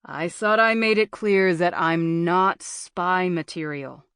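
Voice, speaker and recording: A woman's voice: lowish voice, normal speed, smooth, dry recording, clean studio sound, lightly acted. A woman narrator voicing a wary, hesitant male journalism teacher.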